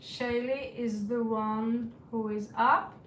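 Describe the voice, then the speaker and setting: Brief: Norwegian-accented woman, tarot-reader livestream chat, slightly high voice, speaks from away from the mic. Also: fairly even intonation, slow, a little hiss or hum. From Norway. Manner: rambling, chuckling, swears casually. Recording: echoey room, distant from mic.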